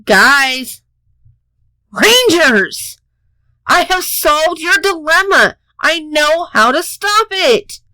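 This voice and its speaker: A man voicing a bookish know-it-all young woman in an amateur audio story, in a high excited falsetto. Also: very slow, no room sound, exaggerated voice, low-quality recording.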